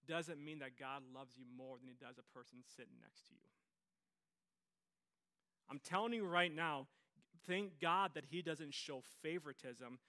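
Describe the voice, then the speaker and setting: A man's voice: fairly high pitch, pushed and bright. A man preaching a sermon as pastor, telling stories with energy and repeating his phrases for emphasis.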